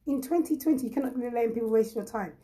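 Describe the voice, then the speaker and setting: A woman from Ghana hosting a casual live chat, her voice mellow and set a little high. She talks bluntly and emphatically, hammering points home by repeating them and reading viewers' comments aloud. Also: rapid-fire, poor audio. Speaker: host.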